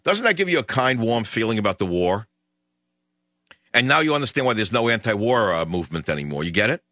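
A man's voice: fairly low pitch, very animated, brisk, sharp tone, no room sound, lo-fi sound. A man hosting a political talk radio show, ranting in a sarcastic, exasperated way. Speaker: radio host.

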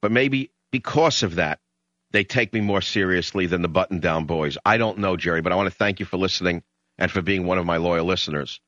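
A man with a New York accent hosting a talk radio show, emotional and combative when he gets excited. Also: deep voice, a little fast, no echo. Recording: slightly dull lo-fi radio sound.

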